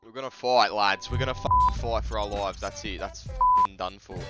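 Aussie guy swearing at a game, voice swings way up and down, loud music over it. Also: on the low side, normal speed. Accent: Australian. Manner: excitable, yelling at enemies. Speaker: gaming video host. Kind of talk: sweary gameplay commentary.

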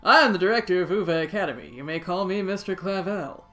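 A woman voicing a polite, formal male school director in a video game, with a courteous, brisk delivery. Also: lowish voice, animated, fairly bright tone, soft background music.

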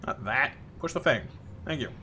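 A man's voice: medium pitch, expressive, moderate pace, bright, forceful tone, slight background noise. A man streaming live gameplay, chatting playfully with viewers and reacting to the game.

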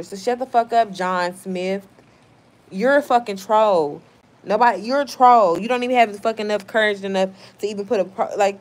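A woman in her thirties hosting a live stream, reading out viewer comments in a blunt, heated, profane way. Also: mid-range voice.

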